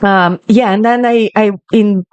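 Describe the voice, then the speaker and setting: A woman speaks as a guest on a casual podcast, her voice smooth and clear. She starts and stops, reaching for the right words before carrying on. The sound is close and dry, with no room around it. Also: medium pitch, steady tone, darkish tone, no echo, lo-fi sound. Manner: halting, searching for words. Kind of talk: casual interview chat.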